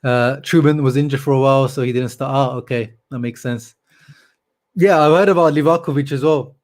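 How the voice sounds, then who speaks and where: A man's voice: mid-range voice, brisk, darkish tone. A man hosting a casual live stream about football, chatting loosely with lots of fillers and reading out viewer comments. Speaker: channel host on a live stream.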